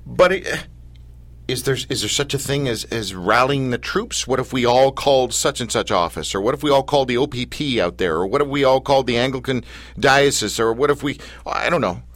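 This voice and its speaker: A man's voice: mid-range voice, expressive, a little fast, a bit bright, no echo. A man hosts a radio interview, asking probing questions and correcting himself as he speaks. His voice sounds dry and close. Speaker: radio host.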